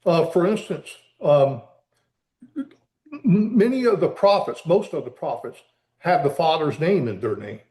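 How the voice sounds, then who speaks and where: Man, author interview, slow halting delivery, slightly high voice, echoey room. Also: animated, dark tone. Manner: halting, with many repeated words and restarts; earnest explaining. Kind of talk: conversational interview.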